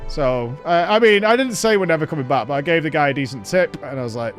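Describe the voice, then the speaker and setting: A British man chats while streaming a video game, telling loud, joking anecdotes. His voice sits fairly high and swings widely in pitch. Faint music plays underneath. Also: fast talker, few pauses. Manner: animated storyteller, loud and joking. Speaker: gaming streamer. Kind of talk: casual chat while playing a game.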